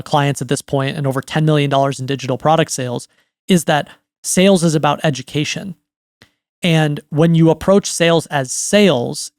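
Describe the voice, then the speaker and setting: Man, 30s, writing coach; chatty lesson delivery, gravelly edge, dead-dry recording. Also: a little high, no room sound. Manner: conversational, repeats "right?" often. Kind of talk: educational monologue.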